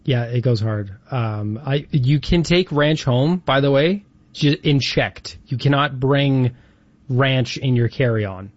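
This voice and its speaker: A man's voice: mid-range voice, slow pace, lo-fi sound. A man co-hosting a radio show, chatting and cracking jokes. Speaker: radio co-host. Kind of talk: casual banter.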